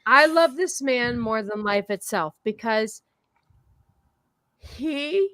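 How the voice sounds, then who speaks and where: A woman's voice: a little high, a little slow, pushed and bright. Tipsy, teary woman rambling. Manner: emotional, rambling, repeats herself. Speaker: podcast host. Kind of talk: casual drunk chat on a stream.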